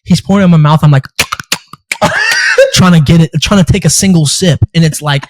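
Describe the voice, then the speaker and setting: Young male host, slightly high voice, lively storyteller, swears casually, laughs a lot. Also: normal speed, noisy background. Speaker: podcast host and amateur fighter. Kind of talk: casual chat.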